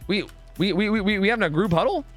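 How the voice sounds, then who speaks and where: Young man, streamer, casual live chat, profane, rambling, bouncy pitch, slightly high voice. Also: quick pace, soft background music. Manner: profane, ranting, excitable; rambling with frequent restarts and fillers.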